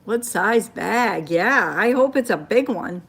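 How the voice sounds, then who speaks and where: A woman's voice: mid-range voice, lively intonation, slow, fairly bright tone, slightly rough. An older woman from Maine with a Maine accent, casually chatting on a phone livestream, reading viewer comments and telling stories. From Maine, USA. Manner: chatty storytelling, reacting to comments.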